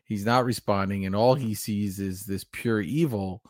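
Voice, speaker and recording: A man's voice: lowish voice, fairly even intonation, normal speed, darkish tone, no room sound, clean studio sound. A man co-hosting a podcast, talking through a film in a loose, musing way with fillers. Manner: conversational, musing with fillers and asides. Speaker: podcast co-host. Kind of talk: casual movie discussion.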